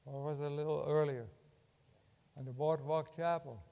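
An older man preaching a sermon in a church, impassioned, swinging from loud urging to hushed tones. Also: a little high, steady tone, moderate pace, vocal fry, big-room sound, muffled recording.

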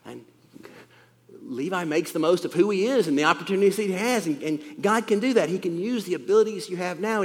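Man preaching in a church hall, animated pitch, talks things through plainly. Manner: conversational, explains and repeats points. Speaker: pastor. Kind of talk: sermon. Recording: long reverb in a hall.

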